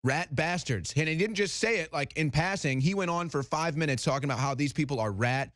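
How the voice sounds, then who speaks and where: High, lively male co-host with a mocking edge, dry close sound. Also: fast talker, dry recording. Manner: animated, mocking impressions of others. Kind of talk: heated political talk show.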